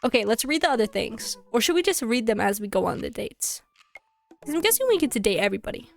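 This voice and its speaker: A young woman talks over a game on stream in a fairly high voice, playful and chatty. Faint game music plays under her. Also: sing-song, fast, gravelly. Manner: chatty, playful, laughs often. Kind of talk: casual game commentary. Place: home streaming setup.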